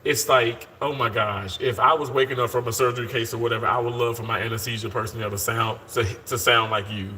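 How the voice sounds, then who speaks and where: Bright-voiced upbeat man chatting to viewers. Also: mid-range voice, fairly even intonation, brisk, hardly any pauses, slight background noise. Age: 30s. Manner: upbeat and talkative, addresses viewers as y'all, often restarts sentences. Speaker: live-streaming surgical worker. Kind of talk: casual live-stream chat reading viewer comments. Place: hospital.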